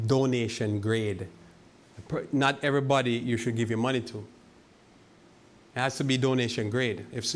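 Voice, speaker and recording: A male pastor giving a sermon, reading scripture slowly and asking the congregation rhetorical questions, often repeating and restarting words. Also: mid-range voice, a little hiss or hum. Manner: preaches with rhetorical questions and slow scripture quoting.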